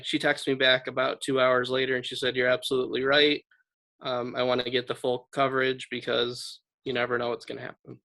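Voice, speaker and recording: A man in a team huddle recounts a client exchange with a bright, forceful tone. His delivery is blunt and fairly flat in pitch, quoting texts back and forth. It sounds like a video call. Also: gravelly, rough recording. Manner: blunt, storytelling with quoted texts. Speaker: insurance agent. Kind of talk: casual team meeting story.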